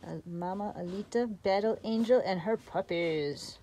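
A woman hosting a casual vlog about her dog's new litter, chatting on and off and cooing at the puppies in high baby talk. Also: unhurried, hardly any pauses, warm tone, slight background noise. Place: beside a whelping area at home.

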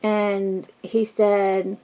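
A woman vlogger with a husky, smoky voice, chatting candidly at home while doing her makeup, rambling with many fillers and restarts. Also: medium pitch, level tone, very slow, mellow. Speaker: beauty vlogger. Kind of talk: casual get-ready-with-me chat.

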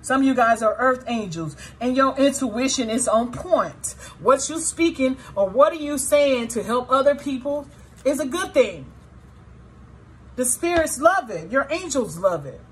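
A woman with a high, slightly rough voice reads tarot for her viewers, her intonation lively and her pace a bit slow. She speaks bluntly and often profanely, straight to the audience, moving between sorrow and indignation.

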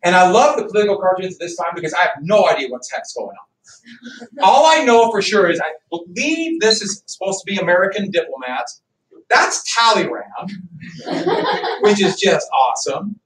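A man teaching a history class, loud and animated, cracking jokes in a classroom. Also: sits high, moderate pace. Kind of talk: classroom lecture. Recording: echoey classroom from far off.

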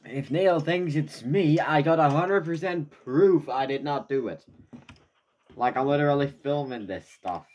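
A man's voice: a little high, unhurried, darkish tone. A man giving casual, crude, joking commentary while watching a stream. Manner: blunt, joking, crude asides. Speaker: viewer reacting to a stream.

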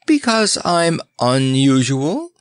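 A man's voice: a little high, huge pitch swings, a little slow, gravelly, fairly bright tone, no echo, studio quality, voice pushed up, full character voice. A man voicing a strange, lovestruck pink-feathered bird creature that talks in sighing, chirpy tones. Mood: chirpy, adoring.

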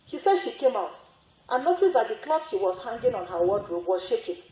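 High-voiced woman preaching in echoey room. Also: big pitch swings, brisk. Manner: repetitive, emphatic storytelling with rising exclamations. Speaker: religious sister preaching. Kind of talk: sermon. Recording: echoey, phone-like narrow sound.

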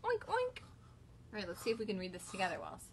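A woman in her thirties, a kindergarten teacher and mother, reading a picture book aloud to her class while firmly keeping her children quiet. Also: fairly low pitch, fast, slightly rough. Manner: animated read-aloud, firm with her children.

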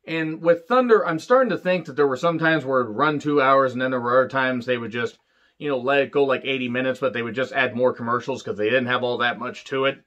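A man giving a casual solo review of an old wrestling show. He talks bluntly and swears a lot, and he slips into quick mocking impressions of the people he describes. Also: medium pitch, fairly bright tone, highs cut off.

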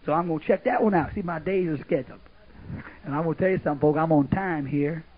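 A man's voice: on the high side, quick pace, breathy edge. An older man preaching a folksy, rambling sermon at a camp meeting. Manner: folksy, rambling, sudden shouts and laughs. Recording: muffled lo-fi old tape, narrow band.

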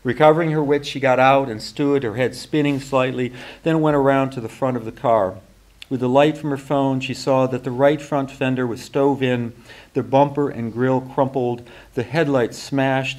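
A man, an author and teacher, reading literary fiction aloud in a measured, even way, now and then restarting a phrase. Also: mid-range voice. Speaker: author and faculty member.

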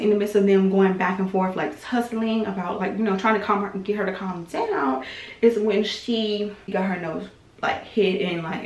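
A young woman recaps online gossip in a loose, chatty way. She leans on "like" and "you know" and stops to hedge her claims. Her mid-pitched voice bounces around an echoey room. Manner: chatty, filler-heavy, hedging with "allegedly". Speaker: vlogger recapping online drama. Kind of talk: casual gossip commentary.

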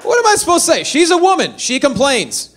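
A man performing a stand-up comedy set, telling animated, self-deprecating stories. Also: very high-pitched, brisk, background noise. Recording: live venue with faint audience.

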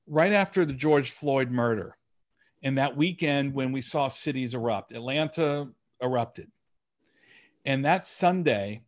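A man tells a personal story to an online audience. He sounds earnest and reflective, pausing often and restarting his sentences as he talks from home over a video call. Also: medium pitch. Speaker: guest speaker.

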